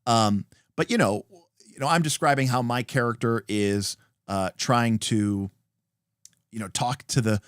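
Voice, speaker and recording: A man's voice: mid-range voice, measured pace, clean tone, dry recording, studio quality. A man hosting a livestream, casually explaining tabletop game rules and acting out examples, with many fillers. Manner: animated, acts out example dialogue, many fillers.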